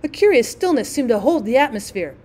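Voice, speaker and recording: Higher-voiced woman narrating a classic story. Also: sing-song, a little fast, a little mellow. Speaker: teacher reading aloud.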